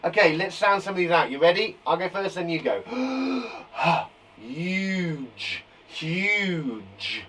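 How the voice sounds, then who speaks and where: A man teaching a live phonics lesson to young children from a garden shed, upbeat and encouraging, sounding out words slowly. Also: high voice, far from the mic, noisy background. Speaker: primary school teacher.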